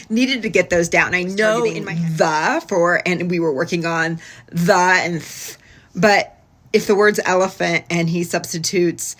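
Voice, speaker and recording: A woman's voice: fairly low pitch, a little slow, a bit bright. A woman speech-language pathologist giving candid, self-deprecating commentary on her old therapy videos, explaining her choices in clinical terms and laughing at her own mistakes.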